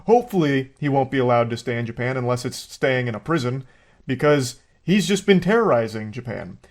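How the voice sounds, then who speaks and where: A man's voice: medium pitch, lively intonation, a little fast. A man narrating a commentary video in a scripted, sardonic and mocking way. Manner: sardonic, mocking, wordy insults.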